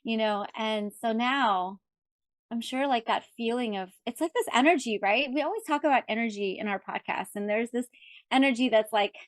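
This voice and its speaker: A woman's voice: fairly high pitch, normal speed, no room sound. A woman hosting a podcast interview, chatting in a rambling way, full of "like" and "you know". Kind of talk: casual interview chat.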